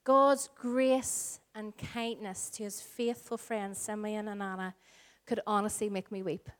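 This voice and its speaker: A woman in her forties with a Northern Irish accent, preaching a sermon as pastor, earnest and shifting between slow emphatic lines and soft, hushed phrases. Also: medium pitch, fairly even intonation. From Northern Ireland. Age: 40s. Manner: earnest, varies pace, drops to soft whispers for emphasis.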